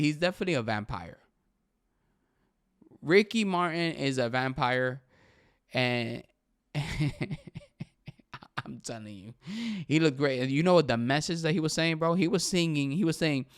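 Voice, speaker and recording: Smooth-voiced excited man saying "bro". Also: on the high side. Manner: excited, switches between English and Spanish, says "bro" constantly. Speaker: podcast host. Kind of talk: casual opinion talk.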